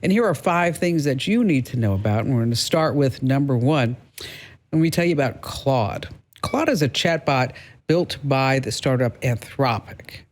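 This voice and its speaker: A man with a New York accent hosting a casual tech news chat, playful and quick to laugh, drawing out words for effect. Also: medium pitch. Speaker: host.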